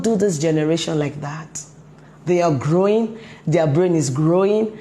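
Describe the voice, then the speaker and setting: A woman's voice: low-pitched, measured pace, warm tone. A woman coaching parents in a motivational talk, emphatic and full of rhetorical questions.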